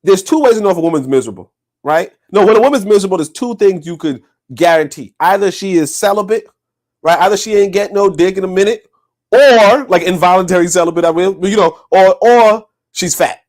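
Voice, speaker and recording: A man co-hosting a livestreamed podcast, talking in a loose, profane, animated way and laughing often. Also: high voice, a little fast. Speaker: podcast co-host. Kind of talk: casual livestream chat.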